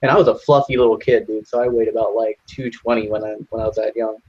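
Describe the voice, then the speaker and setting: A man's voice: on the low side, steady tone, fast, darkish tone, lo-fi sound, a little hiss or hum. A young man telling a long profane story in casual voice chat, jumping into other people's voices for the quotes. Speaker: lobby chat regular.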